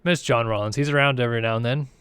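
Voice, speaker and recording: A man's voice: mid-range voice, rapid-fire, a bit bright, clear, resonant tone, dry recording. Laid-back man chatting over a game stream. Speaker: game racing commentator. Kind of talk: casual live-stream commentary.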